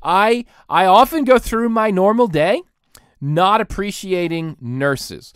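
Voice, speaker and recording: A man's voice: high voice, slow pace, a bit bright, clear, resonant tone, dry recording, studio quality. A man in his thirties hosting a podcast, delivering a sarcastic, self-mocking comedic rant. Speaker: podcast host.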